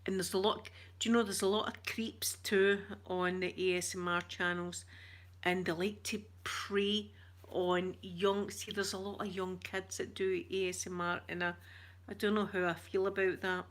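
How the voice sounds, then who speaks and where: A Scottish woman chatting with her viewers on a live stream, switching between whispers and soft talk. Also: lowish voice, little pitch movement, normal speed. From Scotland. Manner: uses Scottish words like wee.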